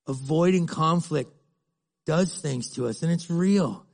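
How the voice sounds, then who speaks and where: Man preaching conversationally, slightly high voice. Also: a little slow, creaky. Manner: conversational preaching, acting out dialogue. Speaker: pastor. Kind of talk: sermon.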